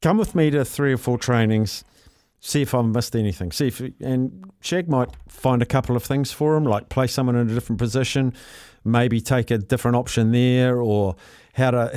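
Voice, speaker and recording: A man hosting a sports radio show, reading out listener texts and chatting with callers with quick asides. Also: mid-range voice, darkish tone, no echo, studio quality. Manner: chatty, reads messages aloud with quick asides and laughs.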